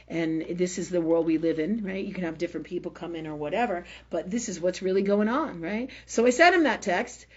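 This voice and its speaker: Casting: woman, husky voice with some breath in it, unscripted spiritual talk, blunt and profane, dull lo-fi stream sound. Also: medium pitch. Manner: emphatic, swears freely, keeps asking "right?". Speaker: spiritual teacher hosting a live forum.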